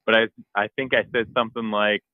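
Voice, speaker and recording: A man and podcast co-host telling a hunting story in a casual, animated way, acting out his own shouts and the texts he got. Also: lowish voice, fast talker, no echo, narrow, tinny audio.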